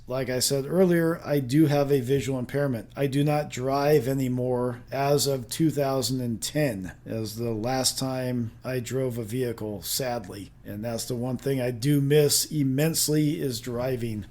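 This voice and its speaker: A Southern Californian man in his fifties talks through a solo podcast episode at an easy, meandering pace. His voice sits in a middling register, and he drifts from point to point while often softening what he says with casual qualifiers. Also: mid-range voice. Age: 50s. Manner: relaxed, rambling, loose hedging words. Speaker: podcast host.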